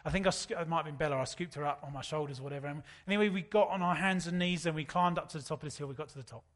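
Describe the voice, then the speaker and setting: A man, preaching a sermon in a relaxed, storytelling way. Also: a little high, very fast. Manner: conversational, anecdotal preaching. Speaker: pastor.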